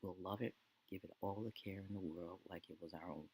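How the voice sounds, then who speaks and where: A man's voice: deep voice, steady tone, a little fast, darkish tone, slightly rough, rough recording. A man voicing a devoted, supportive young husband in a life-sim game story, earnest and reassuring in his own everyday voice. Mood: relieved.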